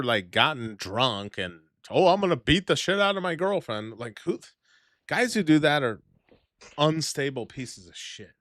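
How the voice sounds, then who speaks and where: A man, a streamer telling a story to his chat in a profane, animated way with sudden loud bursts. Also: mid-range voice, no echo, clean studio sound.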